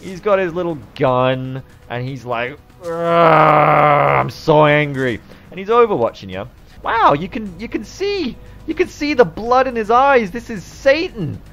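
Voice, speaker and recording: A man giving live gameplay commentary, excitable, swearing often and shouting at the game. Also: high voice, moderate pace, highs cut off, soft background music. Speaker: game streamer.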